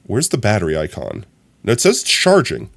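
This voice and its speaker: A young man chatting casually on his live stream, telling stories in an animated, rambling way full of fillers. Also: fairly low pitch, brisk, vocal fry. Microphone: streaming from a phone.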